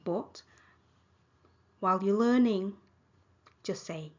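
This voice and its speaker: A woman with a Thai accent teaching a language lesson, modeling words slowly and repeating them for the learner. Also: mid-range voice, animated, highs cut off. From Thailand. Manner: slow, repeated model pronunciation.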